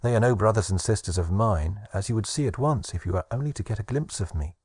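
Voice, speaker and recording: A man's voice: lowish voice, quick pace, darkish tone, breathy edge, dry recording, studio quality. A man voicing Hope, a sweet, cheerful little female fairy who speaks in an arch, coaxing way in an audiobook. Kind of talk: audiobook narration.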